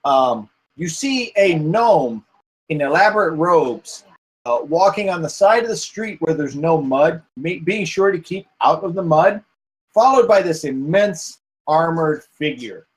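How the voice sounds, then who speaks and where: A man's voice: a little high, expressive, unhurried, poor audio. A man running a tabletop game as game master, narrating scenes in a rambling way with many fillers. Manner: rambling, many fillers and restarts while describing.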